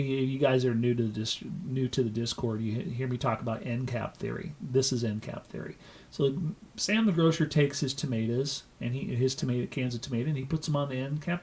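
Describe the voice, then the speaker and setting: A man hosting a crypto market show, explaining in a folksy, animated way, telling stories and swearing casually. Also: medium pitch. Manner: folksy, animated storytelling with loose profanity.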